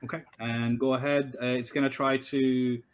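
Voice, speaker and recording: A man's voice: mid-range voice, little pitch movement, moderate pace, clear, resonant tone, muffled recording. Rambling man running a tabletop game. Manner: rambling, thinking aloud with many fillers. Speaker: game master.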